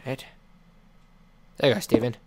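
A man's voice: moderate pace, over music. Playful man scolding his game pet. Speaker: let's play host. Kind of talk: gameplay commentary. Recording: clear background noise with clicking.

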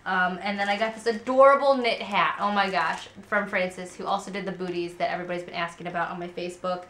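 A woman's voice: lowish voice, fairly even intonation, fast talker, a bit bright, a little hiss or hum. A woman in her twenties chatting casually to camera at home as a vlogger, candid and rambling with many fillers. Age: 20s. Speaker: parenting vlogger. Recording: roomy echo.

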